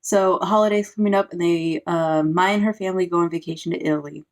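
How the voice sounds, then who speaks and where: A woman's voice: fairly low pitch, steady tone, fast. A woman, a parent, giving a casual, sarcastic recap of a book, full of "like" fillers. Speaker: book reviewer.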